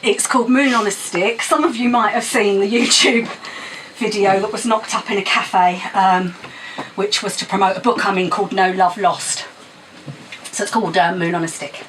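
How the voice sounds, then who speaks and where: A woman's voice: medium pitch, fairly even intonation, normal speed, a bit bright, a little hiss or hum. A middle-aged woman performing her poems live in a small cafe gallery, mixing chatty, giggly asides with sweary, punchy rhyming verse. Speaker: performance poet. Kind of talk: live spoken-word poetry reading. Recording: distant mic in a small venue.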